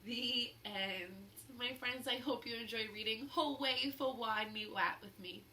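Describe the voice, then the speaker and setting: A woman reading a children's picture book aloud, pausing to explain the story to young listeners. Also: on the high side, sharp tone. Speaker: storybook reader. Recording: roomy echo, faint hum.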